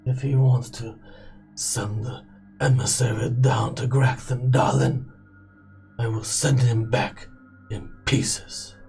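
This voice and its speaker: A man voicing a vengeful, merciless male warlord in a tabletop game, delivering cold, menacing threats at a slow pace. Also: medium pitch, fairly even intonation, gravelly, a little mellow, soft background music.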